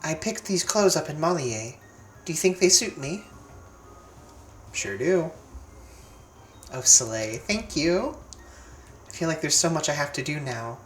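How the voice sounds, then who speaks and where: A streamer voicing an earnest, gentle teenage girl from a role-playing game, reading her lines sincerely. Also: mid-range voice, sing-song, unhurried, long pauses, a little hiss or hum, pitched above the performer's own voice. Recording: roomy sound with faint game music.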